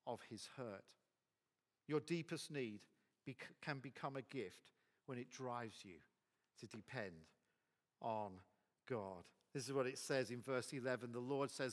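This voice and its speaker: A man's voice: a little high, big-room sound. A man preaching a sermon as pastor, emphatic and repetitive.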